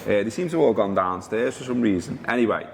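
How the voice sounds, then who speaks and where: A low-voiced man hosts a casual football chat show, joking, teasing and stumbling over names. His voice rings with a long hall reverb, and a faint hum sits behind him. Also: animated, fast, creaky. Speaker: podcast host.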